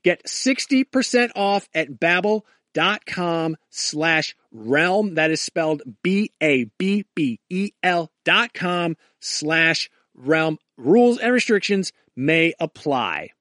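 A man's voice: a little high, animated, slow pace, few pauses, a bit bright, no room sound, studio quality. A man reading a sponsor spot in a chatty, joking, rambling way. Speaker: podcast host reading an ad. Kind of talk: casual ad read.

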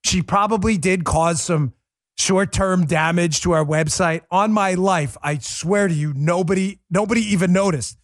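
A man's voice: high-pitched, moderate pace, no echo, studio quality. A male podcast host giving political commentary in a sarcastic, mocking and emphatic way.

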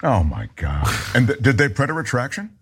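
A man's voice: medium pitch, big pitch swings, brisk, breathy edge. A man co-hosting a casual political podcast, easygoing and a bit hesitant with fillers. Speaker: podcast co-host.

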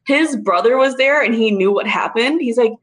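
A woman telling a story in casual chat, animated and profane, often laughing. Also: on the high side, normal speed.

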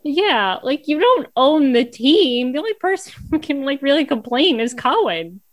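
A high-pitched woman chatting about sports with animated energy. Her voice sits close and dry, with no room around it. She often slips into mocking voices to imitate fans. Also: normal speed, no echo. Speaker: podcast co-host. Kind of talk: casual sports chat.

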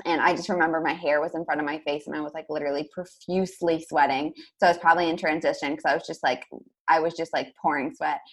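Fast-talking chatty young woman. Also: low voice, fairly even intonation. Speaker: podcast guest. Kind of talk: casual storytelling.

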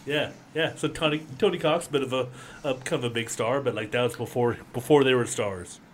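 A man's voice: mid-range voice, a little fast, a little hiss or hum. A man co-hosting a podcast in casual chat, rambling and laughing often. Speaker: podcast co-host.

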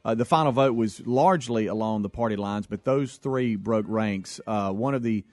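Male radio co-host, low voice, dry close sound, explanatory. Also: darkish tone, no echo. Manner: explanatory, measured, uses fillers. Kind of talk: call-in talk radio.

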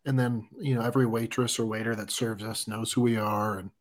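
A man who is a guest on a podcast, chatting casually and telling a relaxed story. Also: on the low side, a little fast. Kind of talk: casual chat.

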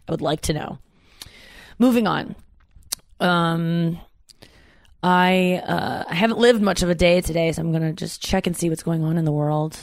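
Casting: vlogger in their thirties, gravelly fry, dry close sound, loose and foul-mouthed. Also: medium pitch, normal speed, pauses often, no room sound. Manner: rambling, profane, self-interrupting. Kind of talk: casual solo chat.

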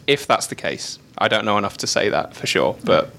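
A man with an English accent on a casual podcast panel, giving measured, hedged opinions. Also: lowish voice, sing-song, bright, forceful tone, a little hiss or hum. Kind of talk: casual chat.

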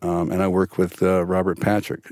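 An older man, an actor guest in a studio podcast interview, telling stories in an animated way with many restarts. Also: sits low, normal speed, no room sound. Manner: animated storyteller, frequent restarts.

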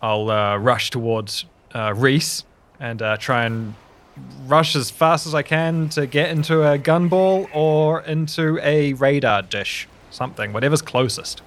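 A man playing a tabletop game, talking casually with a hesitant, excitable manner. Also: mid-range voice, a little slow. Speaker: player.

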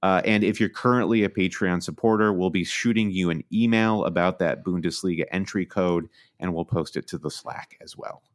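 A man's voice: sits low, moderate pace, few pauses. A man co-hosting a sports podcast, chatting with dry humor and reading sponsor notes. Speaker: podcast co-host. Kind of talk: casual podcast chat and sponsor reads.

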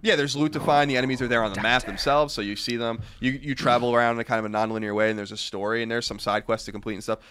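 A young man co-hosting a podcast, talking casually in an animated, rambling way. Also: medium pitch, very fast, hardly any pauses, clean tone. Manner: rambling, animated, self-correcting. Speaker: podcast co-host. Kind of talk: casual chat.

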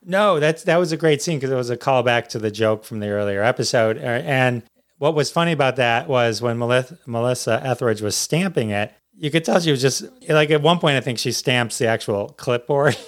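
A man hosting a casual interview, enthusiastic and quick to laugh. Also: medium pitch. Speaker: podcast host.

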